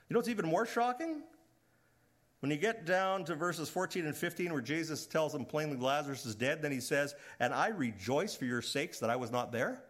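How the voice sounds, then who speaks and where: A middle-aged male pastor preaching a sermon, swinging between loud emphatic rises and hushed, trailing low lines. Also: lively intonation, normal speed.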